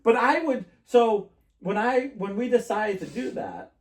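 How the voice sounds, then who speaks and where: This man hosts a podcast, his high-pitched voice moving at a measured pace as he rambles through stories in relaxed conversation, laughing frequently. He's recorded from a distant mic in an echoey room.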